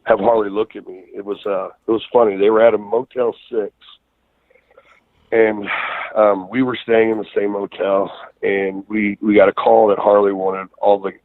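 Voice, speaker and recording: A man's voice: on the low side, little pitch movement, normal speed, no echo. A man, a guest wrestler, telling rambling, profane stories with many fillers in a casual interview, calling in by phone. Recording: tinny phone line.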